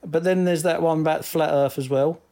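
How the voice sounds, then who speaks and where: A man's voice: a little high, steady tone, brisk, dark tone. A man co-hosting a casual podcast, blunt and wry, laughing at his own jokes. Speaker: podcast co-host. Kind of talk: casual chat.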